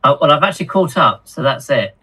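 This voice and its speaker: A man co-hosting a hobby live stream, reading viewer comments aloud in a halting, chatty way with lots of ums and repeated words. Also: fairly high pitch, lively intonation, sharp tone, slightly rough, poor audio. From United Kingdom.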